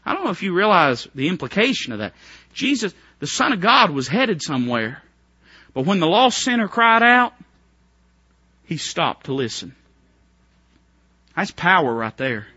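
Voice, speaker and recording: A man preaches a fervent revival sermon, his high voice leaping up and down as he moves from hushed pleading to near shouts. His tone is bright and forceful, and the recording is dry and a little dull. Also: very animated, moderate pace, pauses often, husky, no echo. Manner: fervent, swings from hushed to shouting, rhetorical questions.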